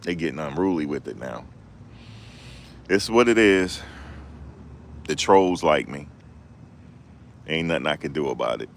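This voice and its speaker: Speaking in an extremely deep, low voice, a man chats loosely with his live-stream viewers, laid-back and repetitive and heavy on street slang, like a rideshare driver killing time between rides. He's animated but measured, with long pauses, and there's slight background noise.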